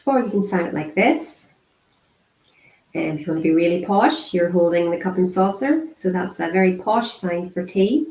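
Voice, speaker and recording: Woman, lowish voice, unhurried lesson delivery with repeated words, roomy echo. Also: lively intonation, a little mellow. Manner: slow and measured, repeating single words with pauses; frequent throat clearing and fillers. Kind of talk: interpreted beginner lesson, spoken aloud.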